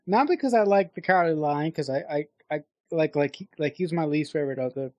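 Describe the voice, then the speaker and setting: A woman's voice: low voice, fairly quick, warm tone, no echo, muffled recording. A woman co-hosting a podcast, chatting casually about a film, hesitant and rambling with many restarts. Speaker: podcast co-host. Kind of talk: casual movie chat.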